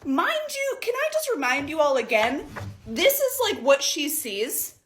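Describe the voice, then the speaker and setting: A woman from Northern Michigan telling a story in a casual vlog, exasperated and animated, acting out what others said. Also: high voice, unhurried, slight background noise. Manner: exasperated, animated retelling with mimicked quotes.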